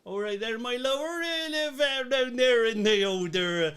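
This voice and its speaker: A man doing a high, drawling Cornish countryman. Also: lively intonation, measured pace, a bit bright, clean tone, full character voice. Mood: jokey. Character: jolly Cornish male countryman.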